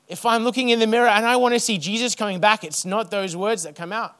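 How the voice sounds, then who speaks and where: A man preaching a sermon to his church, building rhythmic lists and then dropping to a soft hush. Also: high voice, steady tone, fast, few pauses. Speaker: pastor.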